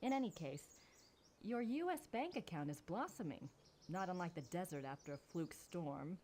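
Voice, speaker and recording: A woman's voice: on the low side, animated, moderate pace, a little mellow, slight background noise, close to an everyday voice. An actress playing a witty, sarcastic female shop assistant in a video game. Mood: sardonic. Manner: sarcastic, wry.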